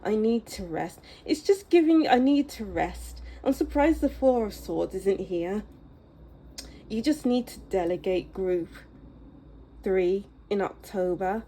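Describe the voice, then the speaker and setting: A woman giving a pick-a-card tarot reading in a soft, musing, unhurried way that often sinks to a low near-whisper. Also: a little hiss or hum. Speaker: tarot reader.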